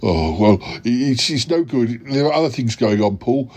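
A man's voice: mid-range voice, expressive, normal speed, darkish tone, breathy edge. A man voicing a stammering, attention-seeking yeti uncle who repeats his words. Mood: evasive.

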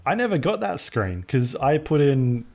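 A man co-hosting a podcast in casual chat, relaxed and chiming in briefly. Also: medium pitch, normal speed. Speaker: podcast co-host.

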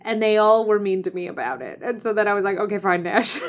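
A woman's voice: medium pitch, expressive, quick pace, slight background noise. A woman chatting casually about a game, reflecting on choices and story in a conversational, analytical way, laughing often. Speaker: podcast co-host. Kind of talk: casual chat.

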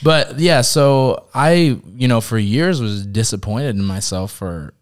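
A man's voice: mid-range voice, animated. A young man telling his own story openly on a podcast, earnest and a little emotional, often stopping and restarting. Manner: earnest, open, halting with restarts. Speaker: podcast guest. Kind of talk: candid personal conversation.

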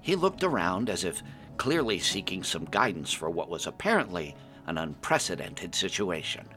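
A man's voice: low voice, very animated, normal speed, pushed and bright, faint music behind. A man narrating a fantasy adventure in the first person, reading it aloud expressively. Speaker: storyteller.

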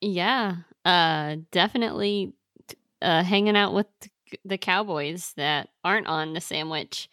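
Woman, co-host, dry sarcastic, hesitant, lowish voice, dry sound. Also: measured pace, a bit bright, dry recording. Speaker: co-host player. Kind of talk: casual banter.

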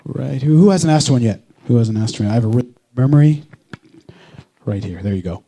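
A man's voice: medium pitch, animated, normal speed, warm tone, slightly rough. A man moderating a live panel, upbeat and joking as he hands the mic around the audience. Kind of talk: live event hosting.

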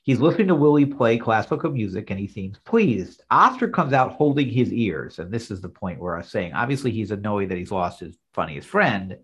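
A man's voice: fairly low pitch, very animated, fairly quick, hardly any pauses, fairly bright tone, husky. A man co-hosting a podcast, recapping a TV episode scene by scene in casual chat. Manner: narrates scenes plainly, then reads lines out. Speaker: podcast co-host.

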